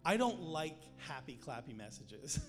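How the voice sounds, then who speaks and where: A man's voice: a little high, big pitch swings, measured pace. A man preaching a sermon in a conversational way, with jokes and emphatic points. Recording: long hall reverb with music behind.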